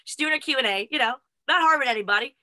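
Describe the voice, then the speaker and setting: A woman's voice: high voice, very fast, bright, forceful tone, dry recording, rough recording. A woman co-hosting a casual chat, telling stories with little laughs between phrases. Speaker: co-host.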